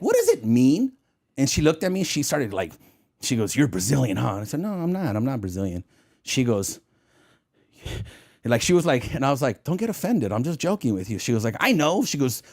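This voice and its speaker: A man in a casual interview who tells his stories with a lively, swinging pitch. He acts out the other people in his anecdotes and often laughs at his own jokes. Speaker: guest, former federal agent.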